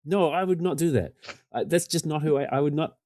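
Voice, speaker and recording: A man in his forties, a podcast guest, telling casual stories in a self-deprecating way and getting animated when he quotes other people. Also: a little high, a little fast, no echo, clean studio sound. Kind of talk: casual storytelling interview.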